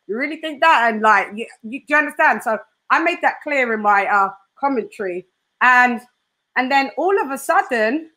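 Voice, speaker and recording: A woman hosts a casual interview, her voice sitting a little high for a woman. She talks in an animated way, laughs a lot and acts out little quotes as she goes. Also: normal speed.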